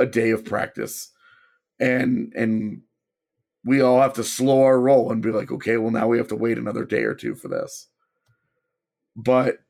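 Hoarse male co-host, mid-range voice, careful analytical chat. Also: medium pitch. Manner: thoughtful, hedging analysis. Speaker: podcast co-host. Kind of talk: casual sports talk.

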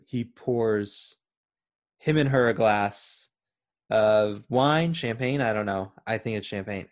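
Earnest man retelling movie scenes. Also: fairly low pitch. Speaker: podcast co-host. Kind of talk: casual movie chat.

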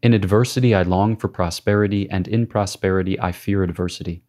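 A man giving a measured, prayerful scripted reading of a devotional classic. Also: deep voice, steady tone, a little mellow. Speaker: reader.

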